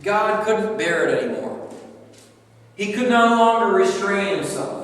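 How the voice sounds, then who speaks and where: A man gives an earnest sermon in a fairly high voice that climbs to emphatic peaks. The sound carries a long, ringing church-hall echo, picked up from far off by a distant room mic. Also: expressive, measured pace, fairly bright tone. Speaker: preacher. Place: church sanctuary.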